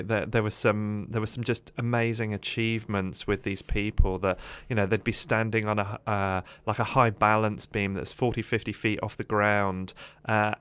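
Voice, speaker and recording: Low-voiced man telling his life story. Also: a bit bright, clean tone. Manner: rambling, with many fillers and restarts. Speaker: radio interview guest. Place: radio studio.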